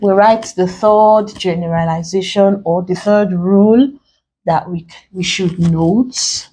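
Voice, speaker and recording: Nigerian lady teaching english exam prep, takes it slow, spells stuff out letter by letter. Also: fairly low pitch, warm tone, breathy edge, rough recording. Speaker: English tutor. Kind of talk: exam-prep lesson at a board.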